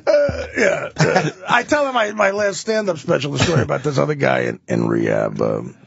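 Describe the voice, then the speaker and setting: A male comedian on a radio talk show, telling crude stories in an animated, laughing way. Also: fairly high pitch, a little fast, gravelly, slightly rough, dull audio. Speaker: comedian guest.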